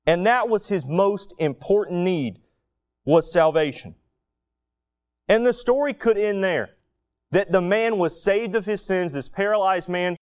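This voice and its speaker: A man preaching a sermon, telling a Bible story with animated asides and acted-out quotes. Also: high voice, measured pace, smooth.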